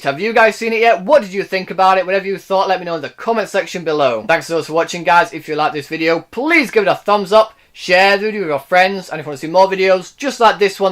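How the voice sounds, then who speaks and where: A man's voice: fairly high pitch, a bit bright. A young man reviewing a film to camera in a casual, enthusiastic, gushing way. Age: young adult. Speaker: movie reviewer.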